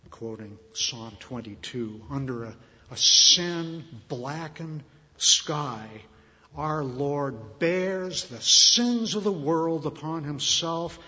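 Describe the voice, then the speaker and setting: A man preaching a sermon, slow and earnest, rising louder on key phrases and dropping soft at the ends. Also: a little high. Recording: muffled reverberant hall.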